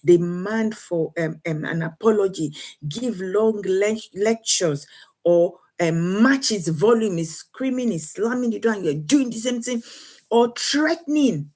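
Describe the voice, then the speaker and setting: A woman from Africa giving parenting advice to camera. She talks in a lively way, repeats words, and acts out what parents and children say. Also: medium pitch, a little slow. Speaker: parenting coach.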